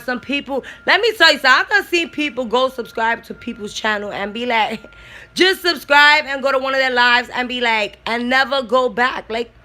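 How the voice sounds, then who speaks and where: A woman's voice: on the high side, pushed and bright. A congested woman chatting on a livestream, blunt and slangy, swearing freely. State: congested from a cold. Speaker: YouTuber on a livestream. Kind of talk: casual livestream chat, reading comments.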